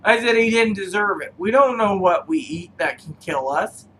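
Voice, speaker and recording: A man reviewing cigars who rambles through personal stories, halting often with fillers. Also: sits high, animated, sharp tone, a little hiss or hum, poor audio. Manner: meandering, halting, full of fillers.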